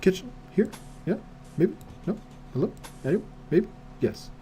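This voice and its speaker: A man's voice: high-pitched, sing-song, a little slow, dark tone, soft background music. A man streaming a game live, muttering to himself in casual commentary full of wry asides and rhetorical questions.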